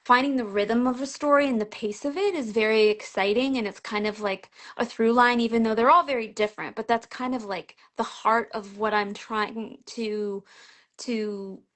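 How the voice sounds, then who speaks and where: A middle-aged woman, a picture book author, chatting as a guest and telling an animated story full of "like" fillers and laughter. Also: a little high, moderate pace. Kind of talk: casual chat.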